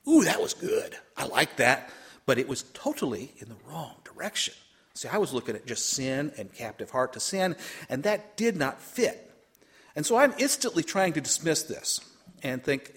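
A man preaching a storytelling sermon, animated, swinging between loud bursts and quiet asides. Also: a little high, unhurried, slightly rough. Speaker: pastor.

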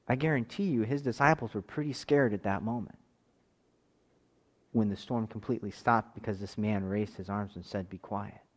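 A man in his thirties preaching a sermon, moving between forceful raised passages and quiet, intimate tones. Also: on the low side, normal speed. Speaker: pastor.

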